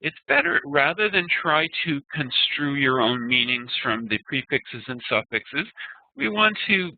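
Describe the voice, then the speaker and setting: A man teaching an online class, explaining terms and slowly chanting Sanskrit verses. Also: mid-range voice, big pitch swings, no echo. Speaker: Ayurveda teacher. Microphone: video call. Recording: tinny phone-like web call audio.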